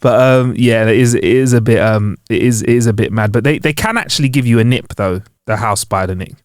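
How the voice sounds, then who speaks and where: A man's voice: mid-range voice, fairly quick, no echo, studio quality. A man co-hosting a podcast, joking and swearing in casual banter. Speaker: podcast co-host. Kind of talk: casual chat.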